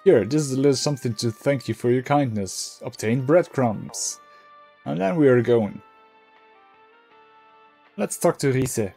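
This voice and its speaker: A man records a let's play, musing aloud and reading the game's lines in an easygoing, halting manner. His voice sits at an ordinary middle pitch. Soft game music plays faintly underneath. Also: creaky, husky. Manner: muses aloud, reads game text in a relaxed, halting way. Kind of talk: casual game commentary, reading dialogue aloud.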